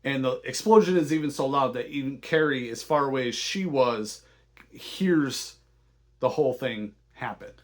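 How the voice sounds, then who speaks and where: Man, show host, casual movie recap, enthusiastic, halting, frequent restarts. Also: medium pitch. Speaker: podcast host.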